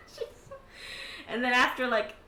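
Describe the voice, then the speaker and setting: Woman game master, giggly, swears, lively bright voice, echoey room, faint hiss. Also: sits high, slow pace. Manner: giggly, swears casually, heavy filler words. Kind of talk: narrating a tabletop game.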